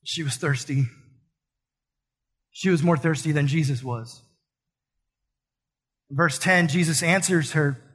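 Husky, high-voiced preaching man. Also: slow, pauses often, fairly bright tone. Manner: earnest, conversational preaching with casual slang. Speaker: pastor. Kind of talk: sermon.

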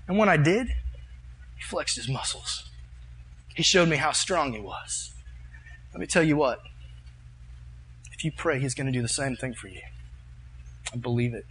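A man preaching a sermon, telling a personal story with fervent, animated delivery and leading a prayer. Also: fairly high pitch, normal speed, long pauses, breathy edge.

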